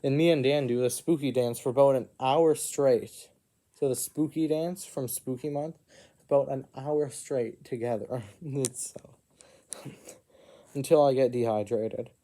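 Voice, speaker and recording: Man storyteller, mellow tone, improvised fantasy tale, rambling asides. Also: medium pitch, fairly even intonation, unhurried. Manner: rambling, with frequent asides and self-corrections.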